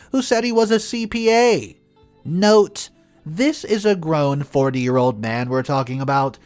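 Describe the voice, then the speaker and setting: Lively synthetic male story narrator. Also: a little high. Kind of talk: scripted narration of reader stories.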